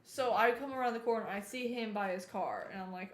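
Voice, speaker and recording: A woman streamer telling a story in a casual, animated way while she plays, now and then breaking off to remark on the game. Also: mid-range voice, fast talker, few pauses. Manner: chatty, animated retelling, breaks off to comment on the game. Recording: roomy echo.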